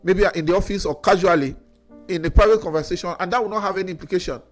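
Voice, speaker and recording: A Nigerian commentator with a Nigerian English accent and a high voice delivers a rapid-fire opinion monologue over soft background music. He's critical, addressing an official directly with rhetorical questions, and he stumbles and repeats words when he gets worked up.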